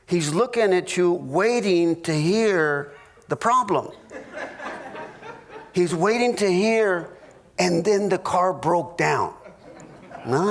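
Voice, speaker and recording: A middle-aged man, a pastor, teaching a marriage class in a humorous sermon, telling stories with halting restarts and jokey asides. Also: high-pitched.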